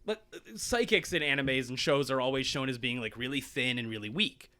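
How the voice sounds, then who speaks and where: A man co-hosting a podcast, retelling a manga in lively casual chat, acting out characters and swearing freely. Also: mid-range voice, fairly quick. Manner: animated storytelling, acts out characters, swears. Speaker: podcast co-host.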